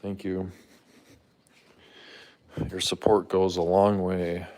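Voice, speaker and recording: Deep-voiced man chatting on a live stream. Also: little pitch movement, takes it slowly, darkish tone. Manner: talks to his cats in a high playful voice; reads out and thanks viewers. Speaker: livestream host. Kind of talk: casual live stream chat.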